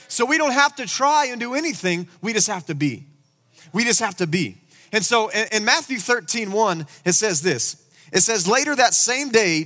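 Bright high-voiced preacher in a reverberant hall. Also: male voice. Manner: animated preaching, rhetorical questions. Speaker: pastor. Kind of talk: sermon. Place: church sanctuary.

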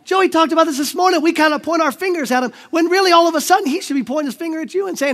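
High-voiced, energetic youth preacher. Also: male voice, rapid-fire, hardly any pauses. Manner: energetic, slangy, often shouting. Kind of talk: sermon.

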